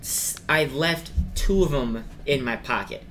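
A man's voice: medium pitch, a little slow, a bit bright. A young man chatting casually as a podcast co-host. He rambles and trails off mid-sentence, and his voice sits in an ordinary middle range. A faint hiss runs under the recording. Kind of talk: casual chat.

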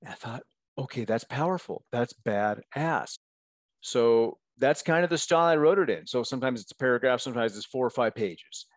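A man's voice: medium pitch, fast, hardly any pauses, no echo. A man speaking as a guest coach in a casual podcast interview, talking candidly and encouragingly and often checking in with "right?". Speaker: guest, men's coach and author.

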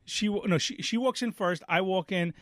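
New guy, podcast co-host, swearing storyteller, a bit high, dry sound. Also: normal speed, dry recording. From Brooklyn, New York. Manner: animated, profane, acts out quoted voices. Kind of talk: casual chat, storytelling.

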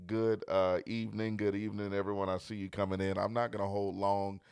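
A man pastor preaching a livestreamed sermon, repeating key lines and building from quiet greetings to loud, emphatic preaching. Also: on the low side, level tone, fairly quick, vocal fry, clear, resonant tone, dry recording, studio quality.

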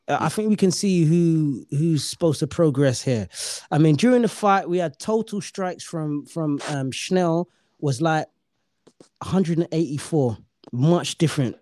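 Male host, chatty and profane, warm tone pitched a bit high. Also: dry recording, studio quality. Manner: bantering, swears freely, jokey. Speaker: podcast host. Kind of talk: casual podcast chat.

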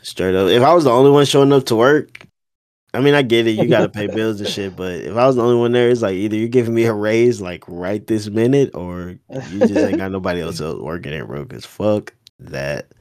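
A man's voice: fairly low pitch, lively intonation, fairly quick, darkish tone, no room sound, clean studio sound. A man talking bluntly and with a lot of swearing in casual chat. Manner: blunt and profane, judging.

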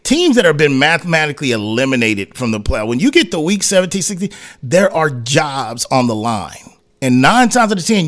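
Fired-up man ranting on sports radio. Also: high voice. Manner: heated, rambling, slangy rants full of acted asides. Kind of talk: opinionated sports talk.

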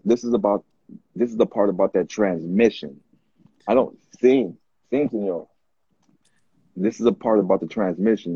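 Guy on a podcast spinning a story, husky low voice, repeats himself, acts out quotes. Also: mellow, no room sound. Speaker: podcast guest. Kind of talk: casual storytelling chat. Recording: dull dry close-mic podcast sound.

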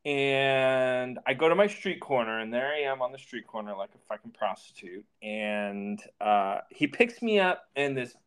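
On a podcast, a man tells a personal story in a lively voice whose pitch swoops around. His delivery is casual, unhurried and smooth with few pauses, and he swears freely while animatedly acting out the voices of the people in the story.

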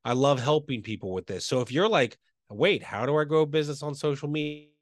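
Man, real estate coach on a podcast, earnest, rapid, slightly high voice, dry close sound. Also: no room sound. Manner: earnest, fast, enthusiastic talker with frequent "right?" tags. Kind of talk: podcast guest interview.

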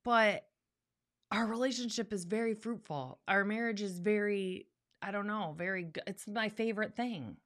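A woman's voice: mid-range voice, moderate pace, a bit bright. A woman co-hosting a podcast, talking candidly and earnestly, repeating words for emphasis. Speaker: podcast co-host. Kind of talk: casual chat.

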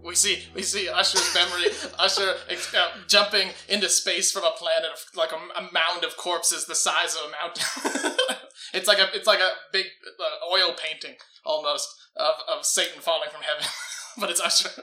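High, bright man laughing through a game. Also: normal speed, echoey room, faint music behind. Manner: laughing, lively describing. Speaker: player. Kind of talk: playing a tabletop game.

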